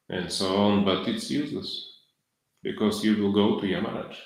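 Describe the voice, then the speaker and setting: A middle-aged man delivers a devotional lecture in a low voice at a very slow, unhurried pace. His English is halting, with frequent fillers and restarts, and he chuckles between points. The sound carries heavy echo from a large lecture hall. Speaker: lecturer on scripture.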